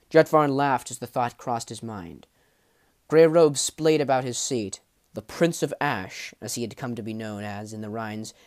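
A man narrating a fantasy audiobook in a measured, dramatic way, dropping low at the ends of phrases. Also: a little mellow. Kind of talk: storybook narration.

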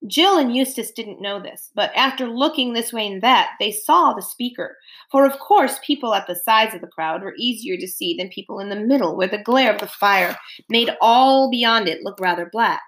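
A woman narrating a storybook aloud in an expressive, dramatic way. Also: fairly high pitch, normal speed, low-quality recording.

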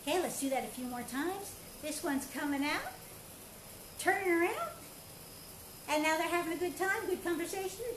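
Upbeat high-voiced woman coaching a class. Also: lively intonation, normal speed, long pauses. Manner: upbeat, playful, coaching with counts and shouts. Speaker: karate and movement instructor. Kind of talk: live online exercise class. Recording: echoey room with faint ambient noise.

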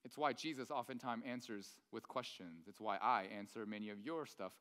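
A male pastor, around his thirties, preaching in a lively, conversational way with many rhetorical questions. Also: fairly low pitch, moderate pace, hardly any pauses. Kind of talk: sermon. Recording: long reverb of a large hall.

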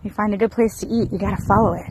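A woman in her thirties from Florida, chatting casually to her viewers in an expressive vlog, recorded outdoors. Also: mid-range voice, very fast, slight background noise, rough recording. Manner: chatty and expressive, rising into excited bursts. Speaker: vlogger.

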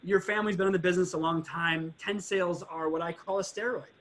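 On a casual podcast, a man who once ran a car dealership tells stories at a quick pace in a high voice, acting out his customers with animation and some swearing. Slight background noise can be heard.

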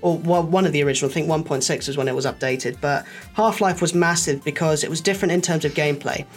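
A man telling stories in a casual chat, lively and acting out the people he quotes. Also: a little high, quick pace, faint music behind. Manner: animated storyteller, acts out quoted voices.

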